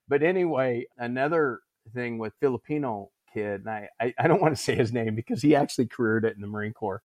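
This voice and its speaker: A middle-aged man telling a story casually, animating the shouted quotes in his tale. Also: mid-range voice, normal speed, dry recording. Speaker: former Marine drill instructor telling a story.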